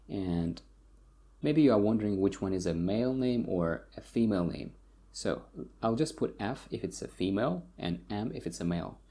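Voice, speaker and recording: Man with a Tajik accent, low mellow voice, slightly husky, patient teacher repeating words. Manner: slow, repeats words for learners. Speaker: language teacher. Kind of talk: explaining pronunciation lesson.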